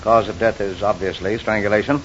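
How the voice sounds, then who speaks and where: A man's voice: steady tone, fairly quick, a bit bright, lightly acted. A man playing a dry, clinical medical examiner. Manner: clipped, matter-of-fact. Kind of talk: 1940s radio acting. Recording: dull old radio recording with rumble.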